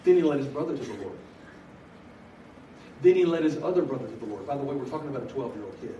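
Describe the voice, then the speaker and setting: A middle-aged man preaching a story with humor, animated, shifting from loud bursts to hushed earnest telling. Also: mid-range voice, quick pace, highs cut off. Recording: echoey hall from far off, noisy.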